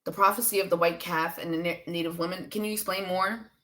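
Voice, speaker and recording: A woman's voice: fairly low pitch, fairly even intonation, fairly quick, a bit bright. A woman from Pennsylvania hosting a livestream as a psychic reader, chatting casually and bluntly, swearing and laughing often as she answers viewer comments. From Pennsylvania, USA.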